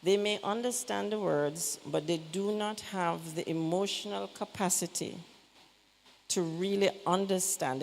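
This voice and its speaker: A woman in her fifties with a Jamaican accent speaks fast and direct, with a low, gravelly voice. She delivers a church health talk with joking asides. The sound carries a long hall reverb over faint room ambience. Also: a little hiss or hum. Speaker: pediatrician giving a health talk.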